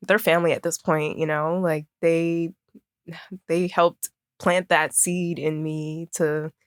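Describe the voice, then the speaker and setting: A woman's voice: sits low, flat delivery, takes it slowly, smooth, no echo, clean studio sound. A young woman from Maryland, a fashion designer, chatting casually as a podcast guest and using lots of fillers. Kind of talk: casual conversation.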